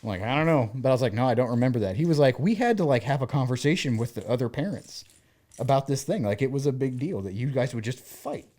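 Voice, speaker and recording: Animated storytelling man in his thirties. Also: medium pitch, quick pace. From American South. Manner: animated storyteller who acts out quoted dialogue. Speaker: podcast co-host. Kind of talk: casual chat.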